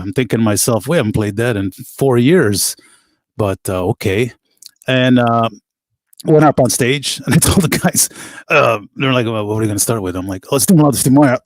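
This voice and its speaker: A middle-aged band musician, a guest, telling animated stories in a casual interview, quoting people as he goes. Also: medium pitch, no room sound, studio quality. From United States. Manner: animated anecdotes with laughs and quoted voices.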